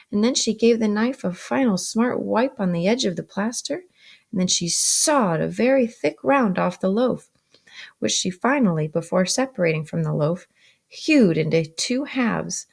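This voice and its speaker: A woman's voice: mid-range voice, creaky, darkish tone. A woman teacher reading a novel aloud and stopping to explain vocabulary, with frequent ums.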